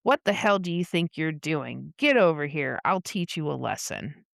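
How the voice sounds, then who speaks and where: A woman's voice: low voice, animated, normal speed, vocal fry, no echo, studio quality. Woman putting on a blustering drunk male customer. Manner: blustering, threatening. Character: drunk rude middle-aged male customer.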